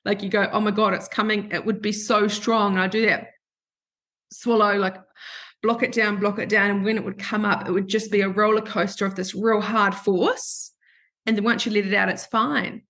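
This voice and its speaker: A woman's voice: mid-range voice, steady tone, moderate pace, fairly bright tone. A woman hosting a podcast, telling a candid personal story in a chatty, emotional way and acting out what people said. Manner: chatty and emotional, acts out quoted voices. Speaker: podcast host.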